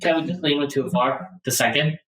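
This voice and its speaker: A man's voice: a little high, fairly quick, fairly bright tone, soft background music. A man playing a tabletop game, asking hesitant questions. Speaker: player. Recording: roomy echo.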